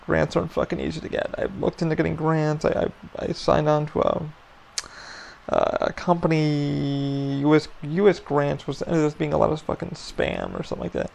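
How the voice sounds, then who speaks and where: A man hosting a solo podcast, venting his frustration in a gravelly voice full of fry and heavy swearing. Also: a little high, lively intonation, normal speed, darkish tone. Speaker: podcast host.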